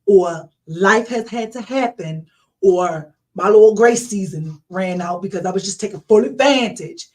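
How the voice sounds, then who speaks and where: A woman with a mid-range voice hosts a podcast and shares a faith testimony. She talks casually and with feeling, and she turns often to address her listeners directly. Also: mid-range voice. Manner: emotional, animated storytelling addressing listeners directly. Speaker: podcast host.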